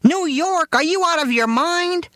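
A man doing a shrill ranting alarmist father. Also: expressive, a little slow, dry recording, clean studio sound, exaggerated voice. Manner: shouting, ranting in a high strained voice. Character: overbearing alarmist older father, doom-predicting.

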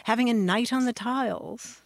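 A woman's voice: a little high, normal speed, vocal fry, no room sound, studio quality. A woman co-hosting a call-in radio show, chatty and explanatory, with easy fillers.

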